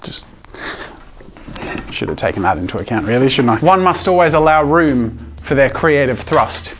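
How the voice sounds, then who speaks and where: A man hosting a comedic art challenge vlog, joking with viewers in a self-mocking way and now and then shouting from excitement. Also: medium pitch, normal speed, a little hiss or hum. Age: adult. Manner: playful, self-mocking, jokey asides to viewers. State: physically tired from drawing with a long pole. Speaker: art YouTuber. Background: faint background music.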